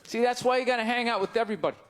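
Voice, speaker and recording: A man with a Boston accent doing a stand-up set on stage, ranting in loud, exasperated bursts that break into shouts. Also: extremely high pitch, racing. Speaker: stand-up comedian. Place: live comedy stage before an audience. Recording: live crowd laughter, faint background noise. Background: audience laughter.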